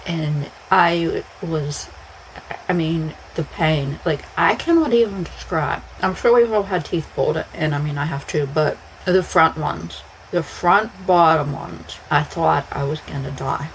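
Low-voiced woman telling a blunt story. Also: unhurried, slight background noise, rough recording. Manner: blunt, profane, rambling. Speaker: podcast host. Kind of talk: casual storytelling.

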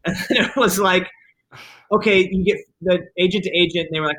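A man talks quickly in a bright, higher voice, rattling through an anecdote and slipping into the voices of the people he quotes. He is a film director guesting on an interview show. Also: low-quality recording. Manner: fast, animated storyteller acting out quotes. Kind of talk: casual interview storytelling.

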